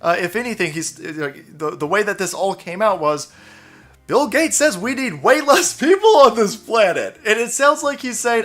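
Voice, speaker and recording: Man, higher-pitched voice, sarcastic rant, profane, mocking impressions, faint music behind. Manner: sarcastic, mocking, swears a lot, mimics people in exaggerated voices; fast, animated, laughing between lines. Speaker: commentary channel host. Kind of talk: ranting political commentary.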